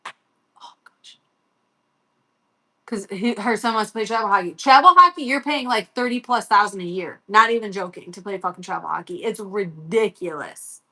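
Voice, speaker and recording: A woman's voice: mid-range voice, moderate pace, pushed and bright. Blunt, foul-mouthed woman ranting. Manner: heavy swearing, blunt, worked-up. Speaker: livestream host. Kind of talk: casual storytelling rant.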